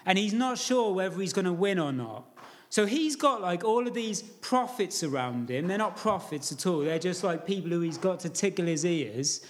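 A man's voice: high voice, expressive, normal speed. A man preaching a sermon in an informal storytelling way, asking the congregation questions.

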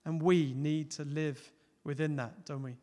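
A man preaching a sermon, earnest, rising to loud emphatic peaks and dropping to soft, close appeals. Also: fairly high pitch, fairly even intonation, a little slow. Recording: long hall reverb.

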